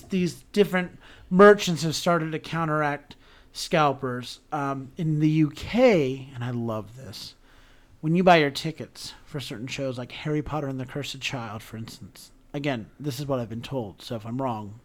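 Male podcast co-host, a bit high-pitched, animated and earnest, theater talk. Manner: animated, emotional, talks through restarts. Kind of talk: casual podcast chat about theater.

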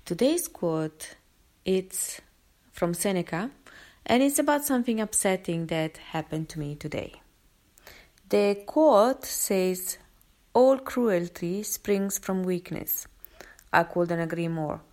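A woman's voice: fairly low pitch, animated, takes it slowly, darkish tone. A woman vlogger rambling through a personal story in a casual, chatty way, with many fillers and restarts. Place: London.

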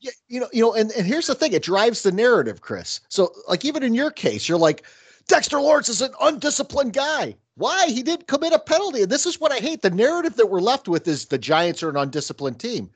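A man's voice: high voice, huge pitch swings, quick pace, hardly any pauses, husky, dry recording. A man co-hosting a casual sports podcast, arguing his points emphatically with rhetorical questions. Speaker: podcast co-host.

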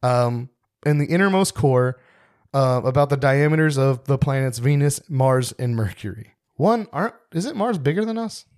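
A man's voice: medium pitch, animated, moderate pace, darkish tone. Joking young man co-hosting a podcast. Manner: joking, laughs often. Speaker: podcast co-host. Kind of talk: casual chat.

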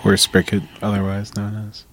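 A man's voice: fairly low pitch, completely flat delivery, moderate pace, fairly bright tone, slight background noise. A man co-hosting a podcast in casual chat, laid-back and blunt, swearing now and then. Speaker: podcast co-host.

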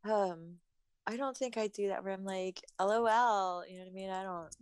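A woman's voice: medium pitch, a little fast, a little mellow, smooth, no echo, studio quality. A woman cohosting a podcast in casual chat, laughing often and slipping into mock-tough asides.

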